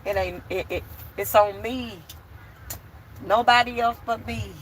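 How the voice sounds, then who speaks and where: A woman's voice: mid-range voice, fairly even intonation, unhurried, slight background noise. A woman vlogger chatting bluntly and candidly to her viewers from home while doing chores. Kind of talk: casual chat to viewers.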